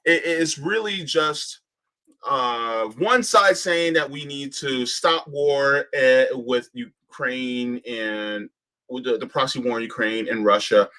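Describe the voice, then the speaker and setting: A man's voice: mid-range voice, takes it slowly, sharp tone. A man hosting a political livestream, arguing fiercely, firing off rhetorical questions and swearing now and then. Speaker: host.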